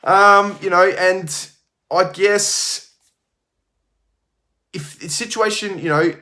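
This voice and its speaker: Gym owner, middle-aged man, slightly high voice, rambly casual storytelling full of ums and restarts. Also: takes it slowly, pushed and bright. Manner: rambling, many fillers and restarts.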